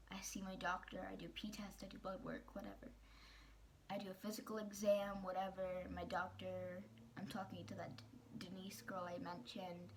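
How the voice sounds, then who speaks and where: A woman's voice: medium pitch, slight background noise. Teen girl telling her story, candid. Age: teens. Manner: rambling, candid, full of fillers and restarts. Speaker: vlogger. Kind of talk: personal storytelling vlog.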